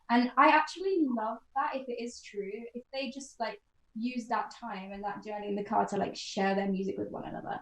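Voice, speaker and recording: A woman co-hosting a casual podcast chat, talking with animated enthusiasm and laughing often. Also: fairly high pitch, normal speed, echoey room, rough recording. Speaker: podcast co-host.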